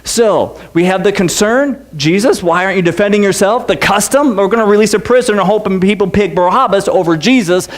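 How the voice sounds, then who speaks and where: A male pastor with an unusually high voice delivers a lively sermon. He jokes with his congregation and breaks into shouted impressions of the crowd and the characters. The sound is of a church service. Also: fairly quick, hardly any pauses. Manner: animated, joking storyteller who acts out the crowd and Pilate. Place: church sanctuary.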